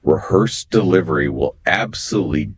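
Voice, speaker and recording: A man with a very deep, husky voice co-hosts a scripted English exam lesson. He explains phrases and pronunciation emphatically. The sound is close and dry. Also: moderate pace, no room sound. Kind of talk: scripted two-host lesson dialogue.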